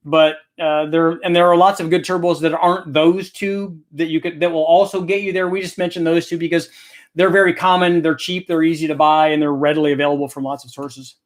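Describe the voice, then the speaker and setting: A middle-aged man hosting a casual Q&A, explaining engine tech in a relaxed, thinking-aloud way. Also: a little high. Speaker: host answering viewer questions. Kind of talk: casual technical Q&A chat.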